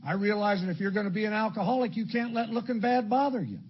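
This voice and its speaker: Older man, from Illinois, recovery meeting share, blunt, dark humor, high-pitched voice, lo-fi recording, faint hiss. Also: quick pace. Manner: blunt storytelling with dark humor and crude slang. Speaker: AA speaker. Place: meeting hall before an audience. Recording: dull lo-fi talk recording with faint background noise.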